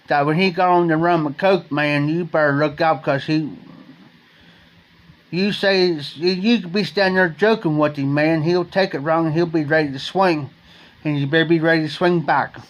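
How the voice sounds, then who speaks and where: Slightly high-voiced man from Ohio, rambling folksy late-night storyteller. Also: fairly even intonation, normal speed. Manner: rambling storyteller, repeats and restarts phrases, folksy slang. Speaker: livestream host.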